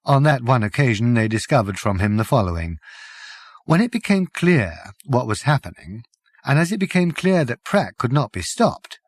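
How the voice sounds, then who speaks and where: A man narrating an audiobook with expressive storytelling. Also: mid-range voice, moderate pace, no echo.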